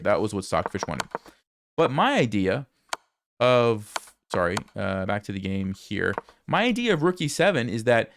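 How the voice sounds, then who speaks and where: A man walking viewers through a chess game in a casual, thinking-aloud commentary. His voice sits at an ordinary middle pitch, close to the mic. The sound is dry, with no room around it. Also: a bit bright, no room sound. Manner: conversational, thinking aloud, addresses viewers directly. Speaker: chess content creator reviewing his game.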